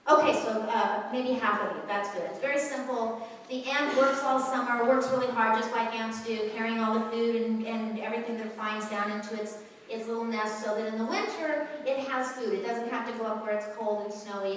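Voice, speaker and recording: A woman with a higher-pitched, fairly bright voice speaks briskly and with fairly even intonation, giving a public lecture to an audience. She tells stories earnestly, using lots of filler words. The recording is made from a distance in a large, echoey hall, with a slight hiss or hum.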